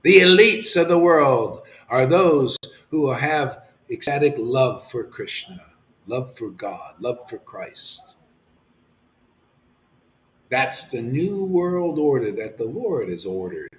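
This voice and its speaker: A man preaching an impassioned sermon as a spiritual teacher, swinging from shouts to hushed near-whispers and dropping casual slang. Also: mid-range voice, a little hiss or hum. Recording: roomy echoey room.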